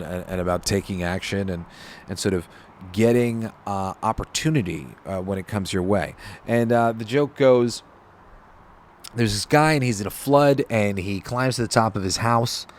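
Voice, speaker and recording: A man hosting a podcast, talking casually about spirituality with rambling, self-deprecating asides and frequent restarts. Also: lowish voice. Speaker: podcast host.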